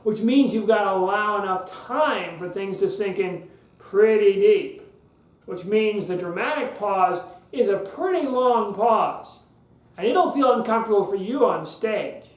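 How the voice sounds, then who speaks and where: Man, speaking coach, high light voice, emphatic, repeats phrases, roomy echo. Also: expressive. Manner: emphatic, repeats key phrases, uses long pauses. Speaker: public speaking coach, podcast host. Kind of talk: instructional podcast talk.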